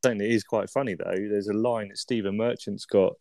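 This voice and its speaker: Man, lower voice, dry close mic, casual podcast co-host who keeps asking "isn't it". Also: fairly even intonation, brisk, vocal fry, mellow, no room sound. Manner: chatty, uses tag questions, swears. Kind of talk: casual film review chat.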